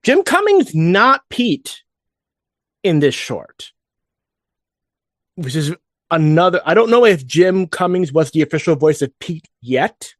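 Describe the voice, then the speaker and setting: A man co-hosting a nostalgic fan podcast, talking in a loose, rambling way with many restarts. His voice sits a little high for a man. It is recorded close and dry, with no room sound. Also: sing-song, slow pace, pauses often, no echo. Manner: rambling, with frequent restarts and asides. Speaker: podcast co-host. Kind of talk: casual fan podcast chat.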